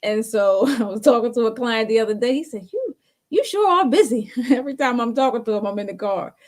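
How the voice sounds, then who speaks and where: A woman's voice: fairly high pitch, steady tone, fast talker, a little mellow. A woman co-hosting a talk show, telling a story in a casual, chatty way and laughing often between phrases.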